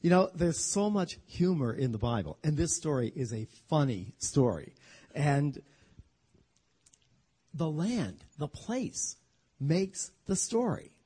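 A man teaching a sermon as a humorous, animated story, acting out the voices of the people in it. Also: fairly high pitch, takes it slowly, husky. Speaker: Bible teacher.

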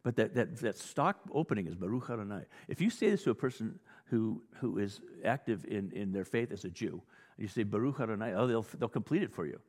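A male pastor preaching a sermon in a conversational, animated teaching style with frequent restarts. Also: fairly low pitch, brisk. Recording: long hall reverb.

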